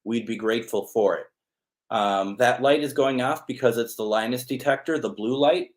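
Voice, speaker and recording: A man's voice: mid-range voice, normal speed. A man hosting a live spirit box session, chatting casually while calling out to spirits and talking to his cat. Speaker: host.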